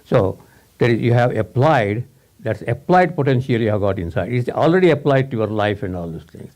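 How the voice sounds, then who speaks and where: A man's voice: medium pitch, expressive, fairly quick, darkish tone. A man giving a rambling, informal talk to a small audience, repeating words and laughing often.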